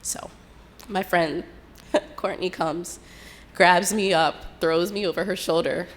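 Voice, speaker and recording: A young woman telling a personal story in an unhurried, reflective way, acting out what others said. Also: on the low side, fairly even intonation. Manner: unhurried, reflective retelling with quoted dialogue.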